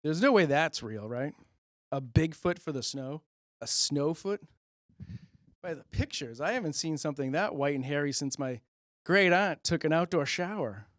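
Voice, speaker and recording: A man's voice: on the high side, lively intonation, moderate pace, a bit bright, no room sound, clean studio sound. A man doing a rambling, self-amused stand-up monologue into a handheld mic on a public-access show. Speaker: comedian host.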